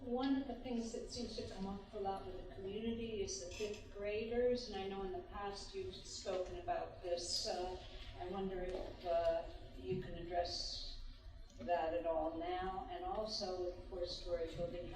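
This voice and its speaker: A woman's voice: lowish voice, little pitch movement, moderate pace, darkish tone. Tentative woman in a very echoey room. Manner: tentative questioning. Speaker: committee member. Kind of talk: meeting discussion. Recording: very echoey room, far from mic.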